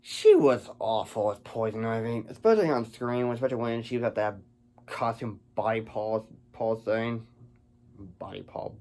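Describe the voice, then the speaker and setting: A man's voice: lowish voice, moderate pace, dark tone. A man giving a casual film review, rambling and stumbling over his words.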